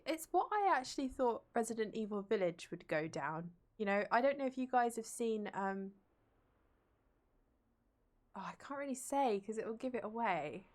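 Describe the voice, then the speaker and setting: A young woman streamer and drama teacher, rambling casually as she plays a game and reads chat aloud and answers it. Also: lowish voice.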